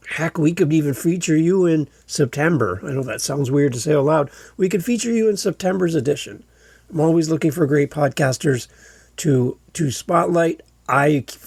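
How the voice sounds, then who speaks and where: A man's voice: on the high side, vocal fry, darkish tone, breathy edge, no room sound. A man hosting his own podcast, talking casually and with enthusiasm, often restarting his sentences. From Canada. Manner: chatty and enthusiastic, with frequent restarts. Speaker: podcast host. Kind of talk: casual solo podcast talk.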